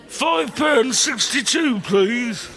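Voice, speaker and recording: An actor playing a brusque, unfriendly cafe worker who answers curtly in a comedy audio drama. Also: male voice, very high-pitched, lively intonation, very slow, vocal fry, fairly bright tone, faint music behind, heavily acted. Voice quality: curt.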